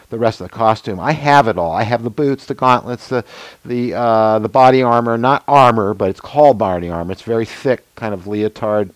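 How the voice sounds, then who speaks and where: A man in his sixties hosting a casual workshop demonstration, explaining his mask and costume work in a rambling, chatty way full of fillers and asides. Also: on the low side. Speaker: show host and special-effects mask maker.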